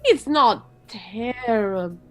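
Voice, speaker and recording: A woman player in a tabletop role-play, speaking in slow, broken English as a stern, motherly female barbarian. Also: a little high, expressive.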